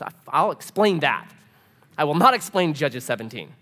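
A pastor preaching a casual, humorous sermon, full of rhetorical questions. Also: male voice, sits high, very animated, a little fast, fairly bright tone.

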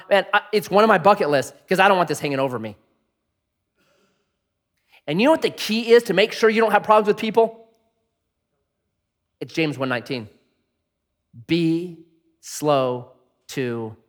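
A man preaching a sermon, switching between loud, emphatic passages and hushed ones. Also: high-pitched. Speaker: pastor. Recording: long hall reverb.

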